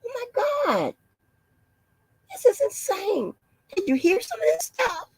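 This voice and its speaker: A woman doing a mocking impression of a shocked, over-concerned woman, gasping and breathy with drawn-out alarmed phrases. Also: very high voice, wildly swooping pitch, darkish tone, dry recording, pitched above the performer's own voice, exaggerated voice. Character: shocked, fretful high-voiced woman, overly concerned.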